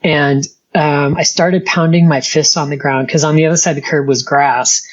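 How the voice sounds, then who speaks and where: Husky woman telling her story. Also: deep voice, steady tone, lo-fi sound. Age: middle-aged. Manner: earnest, halting storytelling with many restarts. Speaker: interview guest. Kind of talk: personal testimony in an interview.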